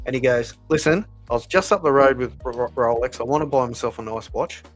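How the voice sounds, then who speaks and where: A man's voice: mid-range voice, fast, faint music behind, rough recording. A man, a podcast co-host, telling a long anecdote in casual chat with many fillers and restarts. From Australia.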